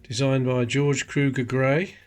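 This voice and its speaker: A man's voice: medium pitch, little pitch movement, unhurried, faint music behind. A man hosting a coin collecting channel, chatting casually and explaining details while handling coins. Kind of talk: casual coin-sorting commentary.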